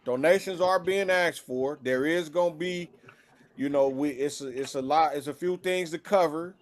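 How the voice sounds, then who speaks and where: A man co-hosting a live talk stream, speaking in a halting way with many restarts as he works out his plans. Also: a little high. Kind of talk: casual chat.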